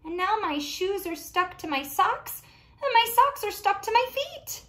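A woman's voice: very high-pitched, very animated, measured pace, a bit bright, pitched above the performer's own voice, exaggerated voice. A woman voicing an upset little girl who complains in a whiny, hurt voice.

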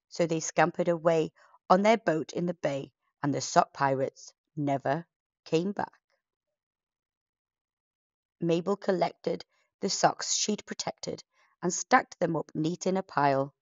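A woman reading a rhyming bedtime story in a gentle, measured, rhythmic way. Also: lowish voice, dry recording, highs cut off.

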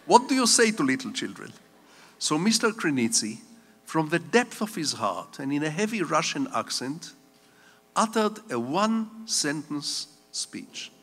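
An older man from Israel speaks as a guest lecturer on the stage of a large conference hall, his voice on the high side, very animated, unhurried, and fairly bright. He tells digressive stories with wry humor, and the lecture hall lends a long reverb.

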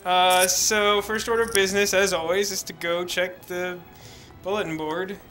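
A young man with a high, very bright and sharp voice chats over a video game with a friend. He jokes and laughs easily, reading bits of game text aloud in a playful tone. Light music plays underneath. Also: flat delivery, moderate pace. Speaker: let's play commentator. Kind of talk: casual gaming chat.

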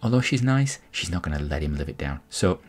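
A man's voice: deep voice, sing-song, brisk, breathy edge. A man giving casual, rambling commentary on a space game, explaining each step as he goes. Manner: rambling, explanatory, frequent restarts. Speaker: gameplay commentator.

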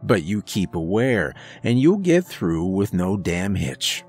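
A man voicing a grizzled old trucker who gives slow, folksy, crude warnings at a diner counter in a horror story. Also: sits low, sing-song, darkish tone, husky, faint music behind, heavily acted.

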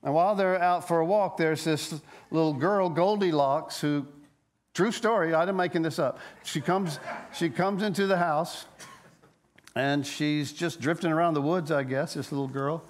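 A man preaching a sermon as a pastor, telling a story with lively energy and frequent stammered restarts. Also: fairly high pitch, normal speed, a little hiss or hum.

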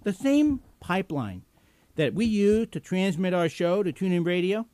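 High-voiced, indignant male political host. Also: big pitch swings, moderate pace, darkish tone, dry recording. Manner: combative, sarcastic, indignant; many fillers and restarts. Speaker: host of a live internet political show. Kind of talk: political commentary rant.

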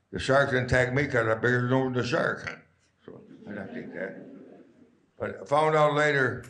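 A man's voice: on the low side, vocal fry, a bit bright, echoey room. A man in his nineties, a guest speaker, telling stories to a live audience in a rambling, chuckling, folksy way. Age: 90s.

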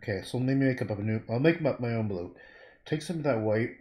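A man's voice: mid-range voice, animated, quick pace, darkish tone. A man painting on a livestream, thinking aloud in a rambling way, humming and murmuring to himself between sentences.

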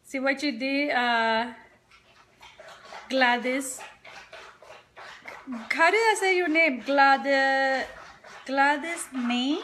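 Drawing out her words and pausing often, a sleepy makeup vlogger with a high, somewhat bright voice rambles through a casual live stream indoors at home. She talks to viewers and her dog, and the phone or webcam adds a little hiss or hum.

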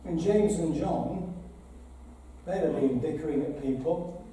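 A man's voice: on the high side, unhurried, dark tone. A man, a bishop, giving an earnest, conversational address to an assembly, with dramatic retellings. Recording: very echoey hall, voice from far off, faint noise.

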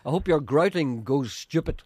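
A man's voice: fairly high pitch, lively intonation, moderate pace, dark tone, no echo. A man hosting a radio phone-in, telling stories and teasing callers in a mock-indignant way. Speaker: radio show host. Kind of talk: radio phone-in banter and storytelling.

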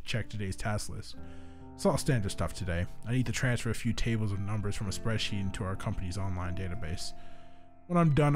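A young man playing a game on his channel, reading the text aloud and breaking in with profane, excited commentary. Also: on the low side. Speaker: gaming YouTuber.

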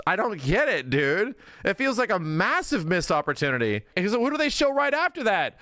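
A man's voice: sits high, big pitch swings, a little fast, hardly any pauses, bright, forceful tone, no room sound, studio quality. A man hosting a casual gaming reaction video, talking loosely and breaking into exasperated, ranting outbursts.

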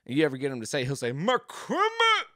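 A man's voice: mid-range voice, fairly even intonation, rapid-fire, dry recording. Rambling jokey man, dry room. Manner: rambling, jokey, does voices. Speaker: podcast host. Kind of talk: casual comedic monologue. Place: home game room.

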